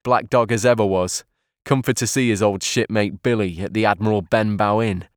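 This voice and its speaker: A man's voice: lowish voice, fairly even intonation, normal speed, no room sound, studio quality, natural voice. A man voicing a fawning, sneering old male pirate with a sly, wheedling way of talking.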